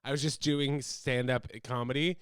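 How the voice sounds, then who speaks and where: Rambling young American man, smooth voice. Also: medium pitch, normal speed, no echo, studio quality. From United States. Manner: animated, rambling, jumps into loud silly voices. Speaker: host. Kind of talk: casual solo podcast chat.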